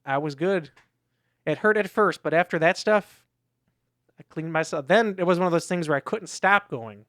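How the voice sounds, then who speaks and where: On a clean studio recording with no echo, a podcast co-host with a fairly high, fairly bright voice speaks at normal speed. In casual chat he tells a meandering story, restarting often and acting out quotes.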